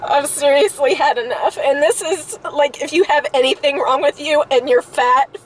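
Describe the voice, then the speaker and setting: A woman's voice: high-pitched, normal speed, slight background noise, rough recording. Exasperated woman venting in a vlog. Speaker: vlogger. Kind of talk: angry personal vlog rant.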